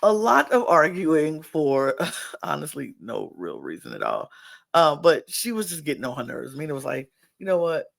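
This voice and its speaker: A woman hosts a podcast and talks through a reality-show episode in a relaxed, chatty way. Her voice has a gravelly, creaky texture, and she acts out what each person said as she goes. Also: deep voice, normal speed. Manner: chatty, acts out people's quotes. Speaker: podcast host. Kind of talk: casual reality-show recap.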